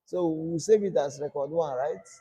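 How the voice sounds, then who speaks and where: Male coding instructor, high and husky, call-and-response teaching. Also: moderate pace, dark tone. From Nigeria. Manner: repetitive call-and-response teaching, asks "what?" and answers himself. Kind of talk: screen-recorded coding lesson.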